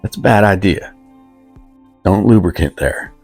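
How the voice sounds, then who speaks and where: A man's voice: deep voice, measured pace, darkish tone, slightly rough, soft background music. A man, telling a rambling, self-deprecating comic story in loose country talk. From West Virginia, USA. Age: 50s. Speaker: comedic storyteller.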